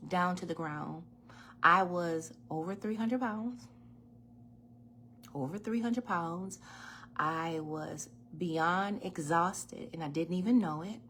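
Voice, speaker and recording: Gravelly-voiced woman chatting on a livestream. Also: fairly low pitch, a little hiss or hum. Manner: chatty storyteller, laughs and swears freely. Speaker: baker and livestream host. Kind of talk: casual livestream chat. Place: home kitchen. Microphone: phone or webcam in a home kitchen.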